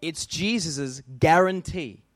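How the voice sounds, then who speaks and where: A man's voice: on the high side, slow, no echo. A man with an Australian accent preaching a sermon as a pastor, emphatic and stacking lists for effect.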